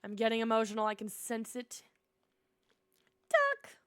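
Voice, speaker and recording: A young woman streamer chatting casually and softly emotional while playing and reading a cozy game. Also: on the high side, normal speed, no echo, studio quality.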